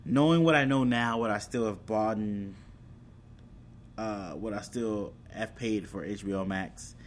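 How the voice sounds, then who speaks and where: Rambling casual man, faint rumble. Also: unhurried. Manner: rambling, self-correcting, laughs at own slips. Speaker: anime and streaming vlogger. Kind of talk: casual chat.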